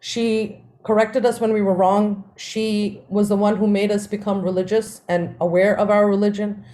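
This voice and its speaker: A woman, co-hosting a podcast and telling family stories in a lively way, often laughing. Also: mid-range voice, normal speed. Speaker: podcast co-host. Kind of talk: casual storytelling.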